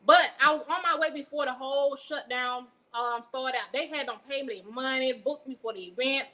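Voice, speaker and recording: A woman's voice: high voice, a little fast, bright, forceful tone, poor audio. A woman comedian from Atlanta with a Southern accent, telling stories in a brash, profane way during a casual interview. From Atlanta, USA.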